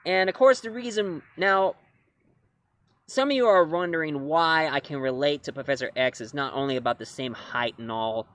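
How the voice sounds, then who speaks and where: A man's voice: on the high side, moderate pace, fairly bright tone. A man reviewing comics and films in a casual talk to camera, rambling and correcting himself as he goes. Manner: rambling, self-correcting, chuckling.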